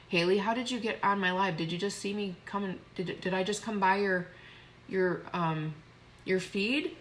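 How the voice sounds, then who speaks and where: Brief: effusive woman, lowish voice with a bright, forceful edge, live makeup chat. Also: moderate pace, a little hiss or hum. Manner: effusive, gushing, chatty. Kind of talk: casual live makeup tutorial.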